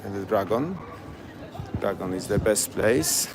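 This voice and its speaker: Outdoors at night, a Polish-accented tour guide chats through a live-streamed walking tour in broken English, saying place names over and over. His voice is on the low side, with lively intonation and a measured pace, and crowd and street noise fill the background.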